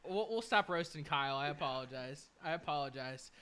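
Young man, podcast host, very bright voice, smooth and crisp, rambling casual storytelling. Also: fairly high pitch, expressive, fairly quick. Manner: rambling storyteller, swearing, mimicking coworkers. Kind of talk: casual chat.

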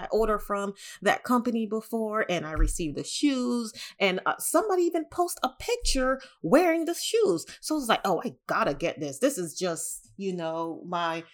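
A woman vlogging casually, telling an exasperated story with lots of fillers and big jumps in pitch. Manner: animated, exasperated, lots of "you know" fillers.

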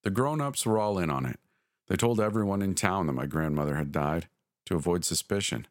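A man narrating a scripted horror story in a measured, deliberate way. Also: deep voice, lively intonation, no echo, studio quality. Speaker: podcast narrator.

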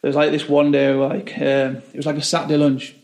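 A man's voice: on the high side, monotone, brisk, gravelly, a little mellow, echoey room. Young British man, rambling with constant "like"s. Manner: rambling, says 'like' constantly. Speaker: chef. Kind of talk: casual interview storytelling.

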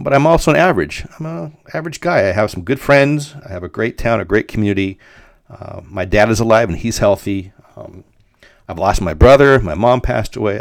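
Middle-aged guy rambling through an old memory on his podcast, low voice, dry sound. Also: vocal fry, a little mellow, no room sound. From Denver, Colorado. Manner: rambling, with frequent fillers and restarts. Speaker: podcast host. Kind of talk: casual storytelling monologue.

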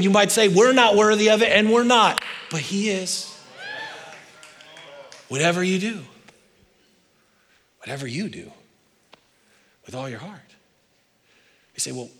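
A man preaching a sermon as pastor, swinging between loud urging and hushed intensity. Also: medium pitch. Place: large church hall. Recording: long reverb of a large hall.

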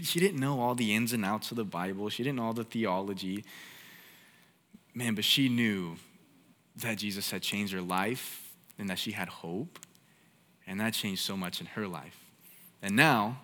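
A man's voice: on the low side, normal speed, fairly bright tone, big-room sound. A young man preaching a sermon in a casual, conversational way, often saying "like".

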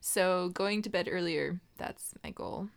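A young woman co-hosting a casual podcast chat, chatty and trailing off into soft asides. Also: on the low side, measured pace, vocal fry. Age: young adult. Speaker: podcast co-host.

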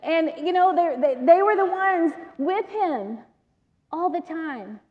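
A woman's voice: extremely high pitch, lively intonation, slow pace. A woman preacher, reading scripture and talking to her listeners in a chatty, emphatic way, laughing often. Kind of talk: sermon with Bible reading. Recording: long reverb, dull sound.

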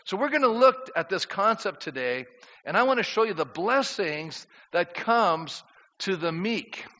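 Bright-voiced man preaching a sermon. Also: sits high, animated, a little slow. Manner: conversational preaching, asks the congregation questions. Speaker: pastor. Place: church sanctuary. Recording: dull sound in a reverberant church hall.

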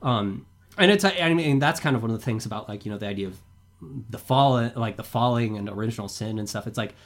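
Rambling young male podcast guest. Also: medium pitch. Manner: rambling, constant "like" fillers, animated. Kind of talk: casual discussion.

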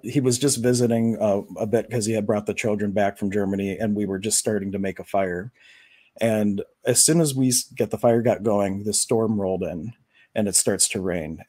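A man hosting a live stream, talking casually about confidence and spiritual practice in a relaxed, rambling way with many fillers. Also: lowish voice, no echo, studio quality. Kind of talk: casual spiritual talk to viewers.

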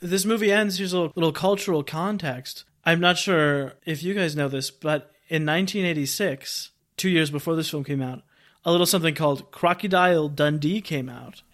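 Bright-voiced man, eager film chat. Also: on the high side, normal speed. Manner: enthusiastic, chuckles while explaining. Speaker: podcast co-host. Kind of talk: casual film review chat.

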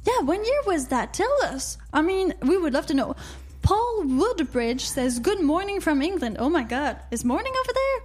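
A woman's voice: extremely high pitch, sing-song, moderate pace, hardly any pauses. A woman co-hosting a call-in radio talk show, chatting casually and reading out live chat comments.

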